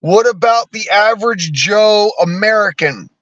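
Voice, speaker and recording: Profane, heated man in his thirties, bright and dry. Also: high-pitched, measured pace, no room sound, muffled recording. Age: 30s. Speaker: streamer. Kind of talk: angry political rant.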